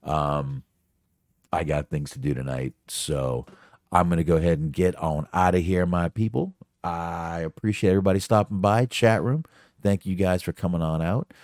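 A man's voice: sits low, normal speed, a little mellow, no echo, studio quality. A man hosting a solo podcast, talking off the cuff in a rambling, profane, casual way. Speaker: podcast host.

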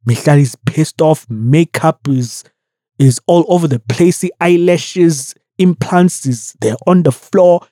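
A woman's voice: deep voice, slow, no echo, studio quality. A woman hosting a podcast, brash and profane in comedic commentary. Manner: brash, profane, animated storytelling. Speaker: podcast host.

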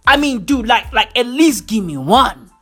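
A woman ranting profanely into a microphone, full of slang, swearing and loud laughter at her own jokes. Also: fairly high pitch, animated, normal speed, soft background music. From South Africa.

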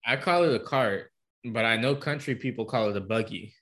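A man's voice: mid-range voice, a little fast, fairly bright tone. Teasing man in casual chat. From Florida. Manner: teasing, coaching pronunciation.

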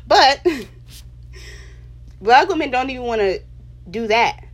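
A woman's voice: on the high side, animated, slow pace. A woman giving an opinion monologue, passionate and emphatic, lecturing her viewers with small laughs between points. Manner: preachy, lecturing. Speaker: vlogger.

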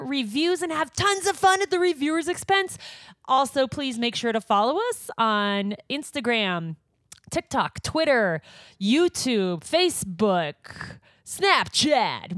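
A woman's voice: on the high side, fairly bright tone, no echo, clean studio sound. A young woman hosting a casual podcast chat in a playful, upbeat manner. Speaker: podcast host.

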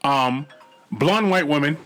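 A man with a fairly high voice trades profane jokes and stories on a casual podcast. He talks in a loose, animated way, swearing freely. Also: slow. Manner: profane, joking, animated storyteller. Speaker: podcast co-host. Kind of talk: casual comedic chat.

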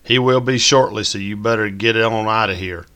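A man's voice: on the low side, fairly even intonation, moderate pace, sharp tone. A man reading a story, voicing an upbeat, playful wife and mother. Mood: cheerful. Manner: cheerful and teasing.

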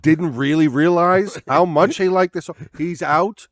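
A man's voice: a little high, unhurried, no echo, studio quality. Man slipping in short teasing remarks. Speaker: podcast co-host. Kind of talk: casual reaction chat.

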